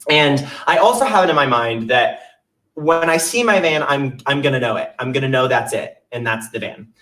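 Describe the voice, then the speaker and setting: A man's voice: mid-range voice, animated, moderate pace, sharp tone, recorded from a distance. A young man telling a funny personal story on stage in a chatty, self-mocking way. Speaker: solo stage performer. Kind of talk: storytelling monologue with songs.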